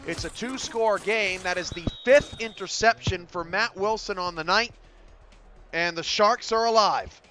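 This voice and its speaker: A man calls the game play by play in a high voice. He swells to loud bursts on the big plays, and music plays under him the whole time. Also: a little slow. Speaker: play-by-play commentator. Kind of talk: sports commentary.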